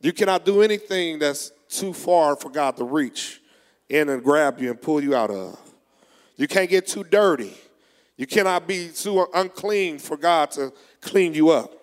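A male preacher delivering a sermon, reading scripture slowly and preaching with rising fervor. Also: on the high side, animated, clear, resonant tone. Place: church. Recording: long echo of a large hall.

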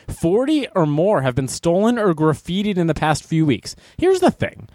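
A man's voice: on the high side, animated, normal speed, darkish tone, no echo, clean studio sound. A man hosting a talk show, joking through news items and stories and laughing often. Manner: playful, laughs often, reads news items aloud with wisecracks. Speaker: radio show host.

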